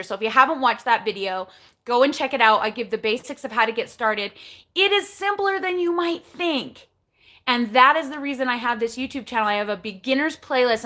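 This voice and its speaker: A woman's voice: a little high, pushed and bright. A woman in her forties hosting a casual live chat, candid and chatty, often asking herself questions and answering them, then giving step-by-step coaching advice. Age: 40s. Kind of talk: casual live-stream talk.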